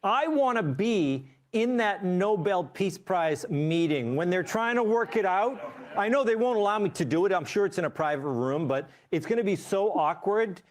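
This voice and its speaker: A man's voice: high-pitched, expressive, moderate pace. A man as a guest on a panel show, playful and joking, trying silly accents.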